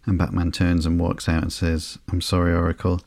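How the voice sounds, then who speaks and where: A man with a very low, gravelly voice hosts a sleepy podcast, walking through a comic slowly with plenty of ums and uhs. His delivery stays almost flat, with very little rise and fall. The sound is close and dry. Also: no room sound. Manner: slow, flat and unhurried, with frequent ums and uhs. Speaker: podcast host.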